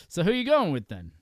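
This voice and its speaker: A man's voice: high voice, darkish tone, dry recording, clean studio sound. A man hosting a casual podcast chat, loose and profane, laughing often and restarting his sentences. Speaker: podcast host.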